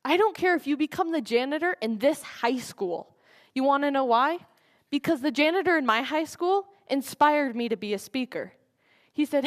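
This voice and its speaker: A woman delivers a dramatic recited speech with real passion, pushing some lines out with force and dropping others to a hush. Her voice sits a little high for a woman. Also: animated, normal speed. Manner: impassioned, swinging between forceful and hushed. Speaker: student speaker at a school program.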